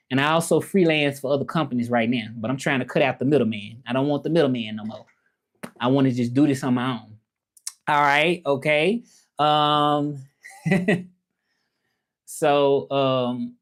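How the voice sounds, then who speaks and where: A man with a Southern US accent chatting casually on a livestream, reading viewer comments and talking straight to the audience. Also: mid-range voice. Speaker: livestreamer and language teacher.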